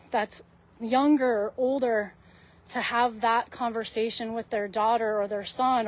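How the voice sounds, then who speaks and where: A woman hosting a live video, talking earnestly to her viewers in a rambling, heartfelt way, full of fillers and restarts, close to tears at times. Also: a little high. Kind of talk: heartfelt casual monologue to viewers.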